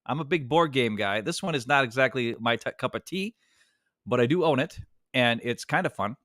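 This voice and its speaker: A man with a bright, ringing voice co-hosts a fan talk show over a video call. He explains a game at length, restarting sentences as he goes. The sound is dry and close to the mic. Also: mid-range voice, expressive, fairly quick, no echo. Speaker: co-host of a sports fan show.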